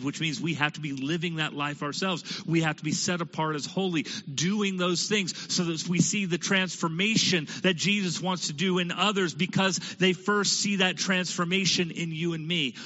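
A male pastor preaching a sermon, driving home points with rhetorical questions and dropping to a hush for emphasis. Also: fairly high pitch, steady tone, normal speed, hardly any pauses. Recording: dull lo-fi sound with long hall reverb.

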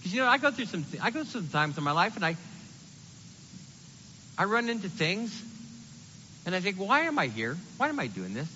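Male preacher, animated conversational sermon, high bright voice, long hall echo, dull sound. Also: a little fast, long pauses, a little hiss or hum.

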